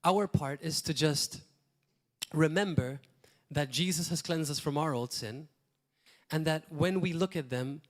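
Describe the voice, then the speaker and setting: A man preaching a sermon as pastor, talking in a lively, rambling way and acting out quotes now and then. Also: a little high, a little slow. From Malta.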